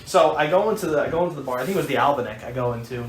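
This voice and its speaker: A rambling American man chats casually as a podcast co-host. He starts over often and fills pauses as he tells his tale. The room is echoey, with a faint hiss underneath. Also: medium pitch, animated. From United States. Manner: rambling storyteller with many restarts and fillers. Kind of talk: casual chat.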